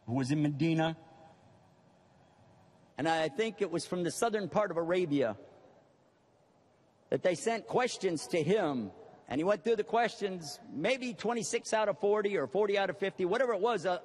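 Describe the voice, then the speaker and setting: An older man preaching a lively religious lecture, acting out other people's voices for humor. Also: high voice, long reverb tail. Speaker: Islamic preacher.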